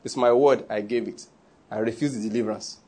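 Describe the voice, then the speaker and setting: A male preacher voicing a determined, wealthy businesswoman in a quiet, resolute tone. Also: mid-range voice, a little fast, natural voice.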